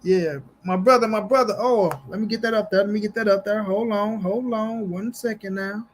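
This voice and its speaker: A man with a high voice hosts a casual boxing stream, reading viewer comments and answering them directly. He talks in loose slang and repeats his lines for emphasis. A faint background hum sits under his voice. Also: fairly even intonation, normal speed. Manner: slangy, repeats phrases, addresses chat directly. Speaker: boxing livestream host.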